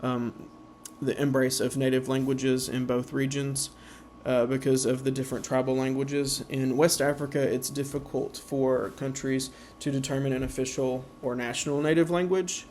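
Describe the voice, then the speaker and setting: A man giving an informal slideshow presentation, halting with many fillers and slowing down to sound out example words. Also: mid-range voice, little pitch movement, a little mellow, a little hiss or hum.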